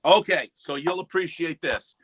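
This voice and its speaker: A man's voice: a little high, normal speed, husky. An older man hosting a casual chat over drinks, telling stories and quoting movies. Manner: animated storyteller, quotes movies and friends. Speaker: livestream host.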